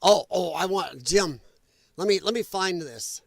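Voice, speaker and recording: Guy running a political livestream, high voice that jumps all over, laughs a lot, dry close mic. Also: a little slow, creaky, no room sound. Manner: animated, laughing, talks to chat while hunting for clips. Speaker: livestream host. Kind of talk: casual political commentary livestream.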